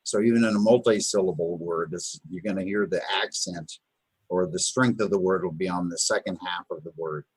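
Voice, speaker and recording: A man's voice: low-pitched, fairly quick, husky, no echo. A man teaching a beginners' Hebrew lesson, patiently repeating words and sounding them out, with many fillers and restarts. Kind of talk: live online lesson. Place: Chabad house.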